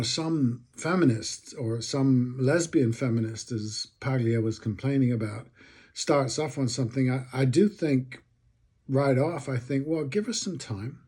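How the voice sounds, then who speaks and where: A man speaks in a husky, breathy voice at an ordinary middle pitch. He muses his way through a long reflective monologue, thinking aloud and often restarting his sentences. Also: a little mellow.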